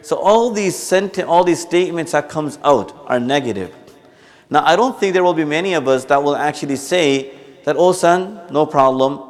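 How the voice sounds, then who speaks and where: Male religious teacher, somewhat high pitch, chatty sermon delivery that acts out everyday examples. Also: animated, normal speed. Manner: conversational, explains with acted examples and repeats himself. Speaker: mufti giving a Friday talk. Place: mosque.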